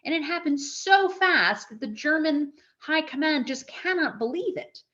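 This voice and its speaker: A woman giving a live history lecture to an audience, talking in a conversational, animated way with frequent restarts. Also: high-pitched, unhurried, lo-fi sound.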